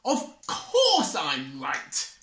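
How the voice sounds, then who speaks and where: A woman voicing a boastful, bossy male badger in a picture-book reading, loud and self-satisfied. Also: mid-range voice, huge pitch swings, drawn-out words, reverberant, full character voice. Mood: smug. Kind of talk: picture-book read-aloud.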